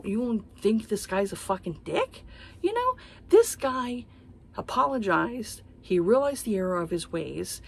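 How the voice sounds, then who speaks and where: A woman's voice: medium pitch, a little mellow, husky. A woman in her thirties vlogging about books in a heated, profane, exasperated casual rant. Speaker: book vlogger. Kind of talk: casual ranting monologue.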